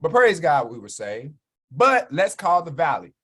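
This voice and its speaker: Speaking unhurriedly in a voice that's a little high and slightly rough, this Chicago man preaches about health to his livestream chat. He's a minister and wellness speaker, animated throughout, constantly checking for agreement with "right?"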